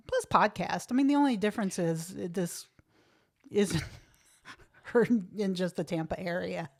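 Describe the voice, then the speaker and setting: A woman's voice: mid-range voice, a little mellow. A woman comedian co-hosting a podcast, telling stories in a chatty, playful way and laughing easily. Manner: chatty storyteller, quick to laugh. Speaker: podcast co-host. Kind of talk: casual comedic chat.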